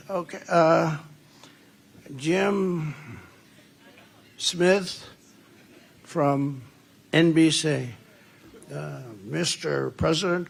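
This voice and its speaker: Brief: political candidate at a rally, gravelly voice, a bit high, rambling and repetitive. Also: male voice. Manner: emphatic, sarcastic asides. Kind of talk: campaign rally speech.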